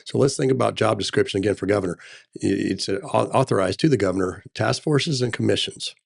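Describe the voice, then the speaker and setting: A middle-aged man with a lowish, gravelly voice and a husky edge speaks as a political candidate in a casual interview. He talks emphatically in military jargon, checking in with "right?" as he goes. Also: quick pace. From Texas. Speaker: gubernatorial candidate.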